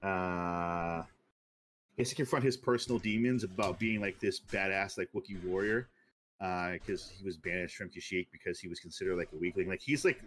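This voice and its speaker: Low-voiced man rambling through a pitch. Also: moderate pace, fairly bright tone, slight background noise. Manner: rambling, many fillers and restarts. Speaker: podcast co-host. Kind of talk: casual chat.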